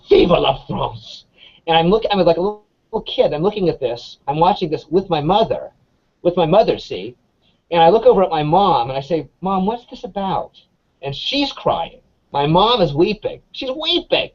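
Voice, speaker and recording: A man, an English professor, chatting in an interview as an animated storyteller full of restarts and fillers. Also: high voice, brisk. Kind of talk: casual conversational interview. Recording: dull lo-fi sound.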